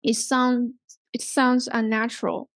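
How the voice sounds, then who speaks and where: A woman with a Hong Kong English accent leads a language workshop, explaining patiently and repeating herself, with frequent "okay?" check-ins. Her voice sits fairly high. The sound is dry and close, with no room echo. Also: flat delivery, unhurried. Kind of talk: teaching workshop on intonation.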